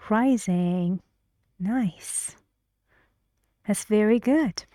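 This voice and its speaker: A woman teaching English pronunciation in an online lesson, slowly repeating words to model intonation and encouraging her students. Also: medium pitch, a little mellow, dry recording, studio quality.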